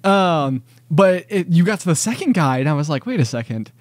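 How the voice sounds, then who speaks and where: Man, podcast co-host, rambling casual chat, slightly high pitch, dry sound. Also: expressive, normal speed, dry recording. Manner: rambling, lots of likes and ums.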